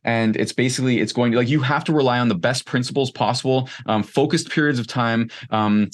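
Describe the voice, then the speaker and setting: A man in his thirties talking casually as an interview guest, rambling with many fillers and lively asides. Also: mid-range voice, brisk. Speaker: podcast guest, online coach.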